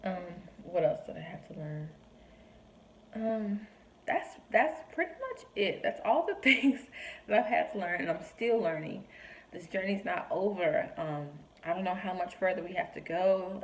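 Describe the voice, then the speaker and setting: A woman's voice: lowish voice, animated, moderate pace, slight background noise, rough recording. A young woman talking earnestly to camera about her faith, encouraging listeners and acting out quoted voices. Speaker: vlogger sharing faith reflections. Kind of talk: heartfelt personal talk to camera.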